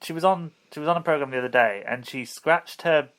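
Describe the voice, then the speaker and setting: A woman's voice: low-pitched, a little fast. A woman co-hosting a podcast in casual comedy chat, playful and laughing through her lines. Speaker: podcast co-host.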